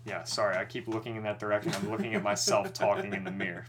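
Animated, forceful young man telling a story. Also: fairly low pitch, quick pace, hardly any pauses, faint music behind. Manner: animated, swearing, worked-up retelling. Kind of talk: casual storytelling chat.

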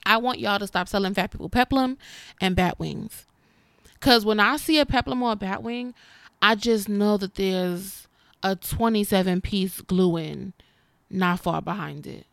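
A woman in her twenties talks to her audience with blunt, playful sass. Her voice is smooth and clear, recorded close and dry with no room sound. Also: medium pitch, measured pace, a bit bright, dry recording. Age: 20s. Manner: sassy, candid, calls viewers honey. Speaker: vlogger. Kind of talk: casual talk to camera.

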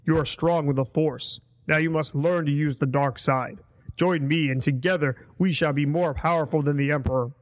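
A man voicing a stern, dark male armored lord while reading a storybook aloud slowly. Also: on the high side, fairly even intonation, close to an everyday voice. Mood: menacing. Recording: long hall reverb.

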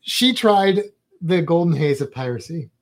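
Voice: mid-range voice, lively intonation, a little slow. A travel vlogger in casual chat, rambling and chatty with playful asides.

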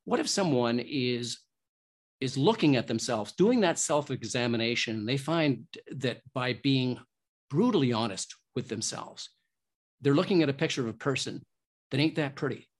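A man's voice: medium pitch, animated, moderate pace. A male host with a plain mid-range voice poses a reflective question. He hesitates and restarts as he shapes his thoughts. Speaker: podcast host. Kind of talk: interview question.

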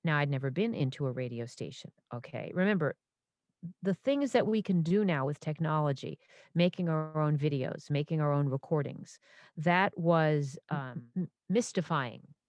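Low-voiced woman telling stage stories. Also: normal speed, dry recording, highs cut off. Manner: animated, self-interrupting, full of restarts and asides. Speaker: stage performer and impressionist. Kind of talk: casual interview storytelling.

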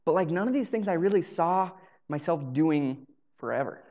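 A man's voice: a little high, lively intonation, normal speed, darkish tone, lo-fi sound. A man telling a personal story on stage in a casual, humorous way. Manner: casual, humorous, acts out dialogue. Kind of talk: live storytelling. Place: live show venue.

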